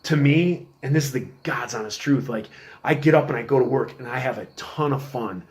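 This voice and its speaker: A middle-aged man telling stories in a casual podcast chat, working as a police officer, animated and acting out quotes. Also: mid-range voice, brisk. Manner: animated storyteller, acts out quotes in a raised voice.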